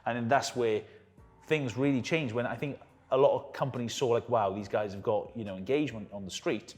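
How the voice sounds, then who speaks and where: A young Welsh man telling stories in a casual interview, animated and acting out the people he quotes. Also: medium pitch, brisk, faint music behind. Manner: animated storyteller who acts out quotes. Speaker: guest.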